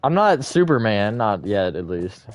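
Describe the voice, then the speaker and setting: A man's voice: lowish voice, sing-song, a little slow. A man hosting a live stream, chatting casually with viewers in a rambling, self-correcting way and laughing often.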